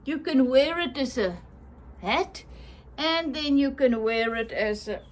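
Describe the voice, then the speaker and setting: Slow, high-voiced woman. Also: expressive. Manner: chatty, enthusiastic, laughs often, searches for words. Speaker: craft vlogger. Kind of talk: casual show-and-tell.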